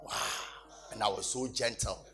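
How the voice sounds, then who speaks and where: A man's voice: on the low side, fairly even intonation, normal speed, over music. A man preaching, telling a story in a dramatic, exclaiming manner. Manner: laughing, exclaiming, dramatic retelling. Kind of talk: animated sermon storytelling.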